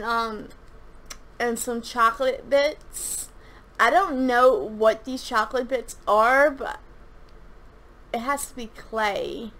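With a high-pitched, somewhat bright voice and slight background noise, a young slime reviewer and shop owner gushes her way through a casual product review. Her rambling talk is packed with fillers and frequent restarts.

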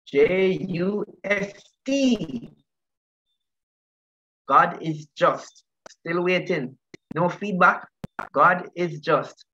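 A man's voice: sits high, very slow, long pauses, bright, forceful tone, muffled recording, a little hiss or hum. A man pastor teaching a Bible study over an online call, who asks the group questions and often repeats his words.

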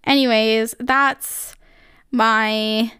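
A young woman draws out her words while chatting on her own podcast, gushing casually and using "like" and "um" a lot. Her voice is a little high, bright, forceful and smooth, with fairly even intonation. There's no room sound, just clean studio audio.

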